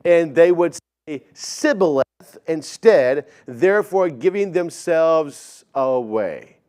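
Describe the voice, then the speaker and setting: A man preaches a relaxed teaching sermon. His voice sits on the higher side, and he takes an unhurried pace. He keeps turning to the congregation with friendly asides. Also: clear, resonant tone.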